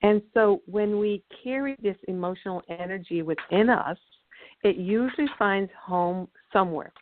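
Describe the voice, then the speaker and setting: Woman on a tinny phone line. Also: medium pitch. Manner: explanatory and storytelling, with measured pauses. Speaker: guest, energy healer and author. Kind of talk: radio call-in interview.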